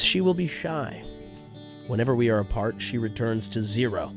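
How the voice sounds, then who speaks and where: A man impersonating a male tech tycoon who reads his own writing in a slow, deadpan, clinical monotone. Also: mid-range voice, lightly acted.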